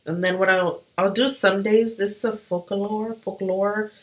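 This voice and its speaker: A woman's voice: medium pitch, measured pace, low-quality recording. A young woman chatting casually while doing her makeup, talking animatedly. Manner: chatty and animated, full of fillers. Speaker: beauty vlogger.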